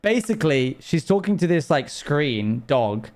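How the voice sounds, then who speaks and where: A man's voice: on the high side, sing-song, unhurried, a little mellow. Chatty rambling male game streamer. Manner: rambling, chatty, talks to viewers. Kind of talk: casual live-stream chat while gaming.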